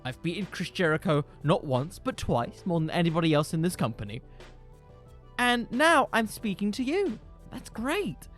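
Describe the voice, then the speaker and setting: A man's voice: high-pitched, big pitch swings, normal speed, fairly bright tone, soft background music. A man putting on the voice of a cocky, condescending male wrestler who boasts about himself. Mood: boastful. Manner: smug, condescending, chummy.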